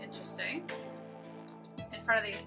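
A woman's voice: medium pitch, moderate pace. A woman giving casual commentary while playing a game, thinking aloud as she browses its menus. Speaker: let's play host. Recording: game music playing underneath. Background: game music.

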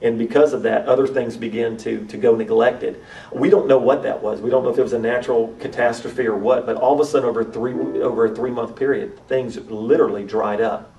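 Man, missionary, mellow gravelly voice, earnest testimony with restarts, heard from a distance. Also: medium pitch, fairly even intonation, a little fast. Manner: earnest, repeats and restarts phrases. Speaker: missionary to urban youth. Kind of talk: testimony storytelling. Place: church conference.

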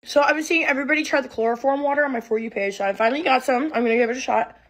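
A woman's voice: sits high, racing. A young woman making a comedic phone vlog at home, giggly and dramatic, squealing in mock pain. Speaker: comedy content creator.

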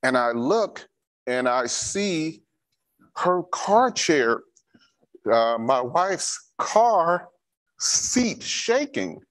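A man's voice: fairly high pitch, big pitch swings, very slow, a bit bright. A man giving a church safety training talk, repeating key instructions and telling a personal story.

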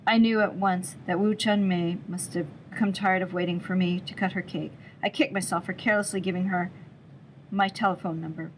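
A woman narrating a chapter book aloud in a steady, expressive storytelling voice. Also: on the low side, slight background noise, rough recording. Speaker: reader.

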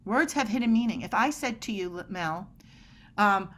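Emphatic, lively woman expert. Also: mid-range voice, moderate pace. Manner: energetic, emphatic, acts out quoted dialogue. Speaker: body language expert guest. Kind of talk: animated podcast conversation.

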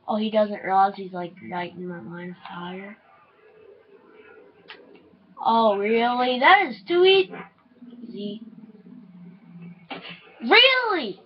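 A young woman commentating her own shooter gameplay, swinging between easy chatter and yelling and swearing at other players. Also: fairly high pitch, takes it slowly, long pauses, breathy edge. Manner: excitable, yelling and swearing at opponents. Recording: dull lo-fi sound.

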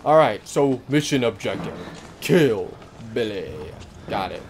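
A man's voice: mid-range voice, animated, measured pace, a little hiss or hum. Jumpy young man playing a horror game. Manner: jumpy, swears, bursts into frightened yelps. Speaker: gaming YouTuber. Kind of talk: horror let's-play commentary. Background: game music.

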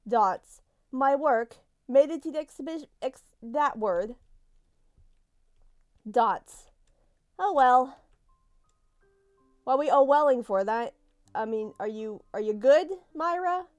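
A woman's voice: high-pitched, animated, slow pace, pauses often, a little mellow. Jumpy, swearing woman gamer. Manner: jumpy, swears a lot, talks to the game characters. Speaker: let's play gamer. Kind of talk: live gameplay commentary.

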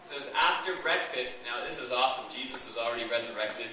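A young Canadian pastor preaches a sermon with enthusiastic, conversational energy, recorded from a distance in an echoey church hall. His mid-range voice is fast, pushed and bright, with a little hiss or hum.

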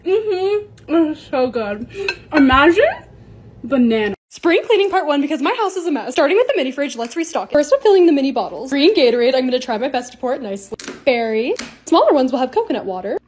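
A young woman in her twenties narrating her own lifestyle vlog, bubbly and excitable as she talks through each project. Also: high voice, fast talker. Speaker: lifestyle creator.

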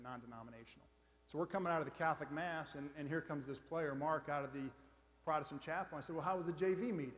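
Man, slightly high voice, casual self-deprecating conference speaker, long hall reverb. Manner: conversational, self-deprecating, keeps checking in with "all right?". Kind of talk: motivational faith talk to an audience. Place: large conference hall before a live audience.

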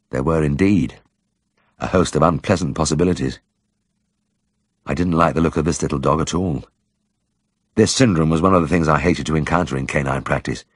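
A man narrating an audiobook in a measured, gently wry storytelling manner. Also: a bass voice, breathy edge, no echo, studio quality. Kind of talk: scripted narration.

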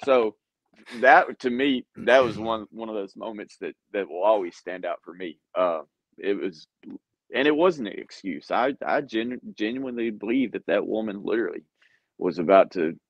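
A man's voice: lowish voice, normal speed, no echo. Laughing man in a dull lo-fi recording. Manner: animated, laughs often between phrases. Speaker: guest, police officer. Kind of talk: casual storytelling chat.

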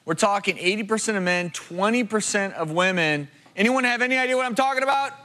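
A man's voice: high-pitched, fast talker, background noise. A man hosting a TV talk show, presenting in a studio with an audience and addressing them directly.

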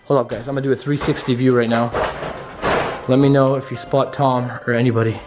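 A young vlogger hosts a nervous ghost-hunt video from the basement of a run-down house, repeating himself and speaking directly to viewers. His mid-range voice holds a level tone and a fairly quick pace, heard over music.

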